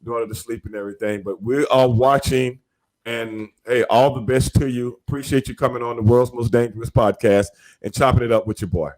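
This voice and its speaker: A male podcast host in casual conversation with a guest. He speaks at an ordinary middle pitch, stressing and repeating his points with hype and street slang. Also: fairly even intonation, fairly quick, darkish tone. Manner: emphatic, repetitive, slangy hype talk. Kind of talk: casual interview chat.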